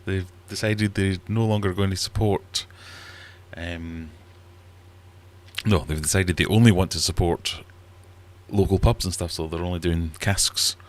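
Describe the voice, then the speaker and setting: A man's voice: low-pitched, fairly even intonation, a little slow. A middle-aged man hosting a casual livestream chat from his fish room, rambling and self-deprecating. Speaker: livestream host. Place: small warm fish room at home.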